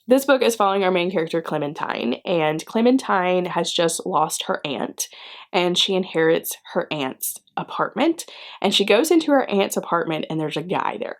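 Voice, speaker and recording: A woman with a voice of ordinary middle pitch, chatting through a casual book review vlog. She gushes, leans hard on her favorite lines and says them twice for effect. She speaks to the viewers as if they were close friends. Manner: gushing and emphatic, repeats lines for comic effect.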